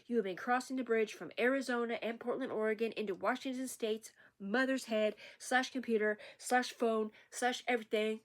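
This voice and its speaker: A woman's voice: on the high side, fairly even intonation, moderate pace, few pauses. A woman ranting in an unscripted vlog, rambling, profane and agitated. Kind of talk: unscripted rant to camera.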